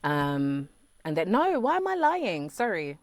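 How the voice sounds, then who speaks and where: Lively, chatty woman on a video call. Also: fairly low pitch, a little slow, dry recording, studio quality. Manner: chatty, laughs often, lively storytelling. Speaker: podcast guest. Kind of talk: casual interview chat.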